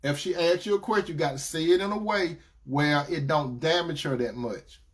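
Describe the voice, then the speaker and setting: Speaking at normal speed in a fairly high voice, this man delivers preaching-style Christian relationship advice. He addresses his audience as brothers and sisters, says his points over and over, and alternates forceful declarations with quiet asides.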